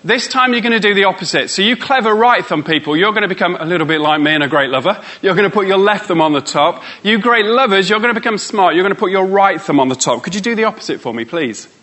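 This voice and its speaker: A man running a live workshop, teasing the crowd and coaxing them along. His voice sits high for a man and sounds bright and forward. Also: expressive, fast talker, hardly any pauses. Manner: playful, teasing, coaxing the audience. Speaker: motivational speaker. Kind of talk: live workshop talk to an audience.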